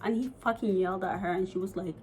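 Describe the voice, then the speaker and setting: Animated, swearing young woman storyteller. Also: medium pitch, fast, slight background noise, poor audio. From United States. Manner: animated, profane, many "like" and "you know" fillers. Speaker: vlogger. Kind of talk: story-time vlog.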